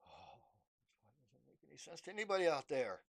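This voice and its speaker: A young man in a casual, halting vlog monologue, with many fillers and restarts, acting out imagined dialogue. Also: on the high side, very animated. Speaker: vlogger.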